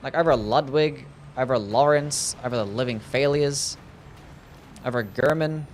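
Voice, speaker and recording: A man's voice: medium pitch, a little slow, slight background noise. A man with an Australian accent, chatting casually to his viewers while streaming a game, joking and swearing freely. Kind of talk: casual gaming livestream chat.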